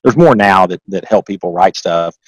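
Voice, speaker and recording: A Southern-accented man, an author and accountant, speaks as an interview guest in casual talk, folksy and rambling with lots of restarts, growing emphatic when making a point. His voice is low-pitched at normal speed, in a dry, rough recording.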